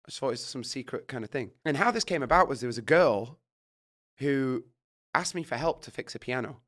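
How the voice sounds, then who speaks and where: A middle-aged British man telling a story in casual chat, animated and swearing, acting out his own reactions. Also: mid-range voice, a little fast. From Britain. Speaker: guest.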